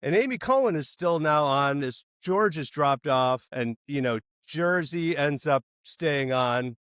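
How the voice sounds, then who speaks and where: A man in his fifties, a guest in an interview, telling anecdotes in a casual, animated and profane way. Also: fairly high pitch, measured pace, clean tone, dry recording, clean studio sound. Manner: animated, profane, acts out other people's quotes.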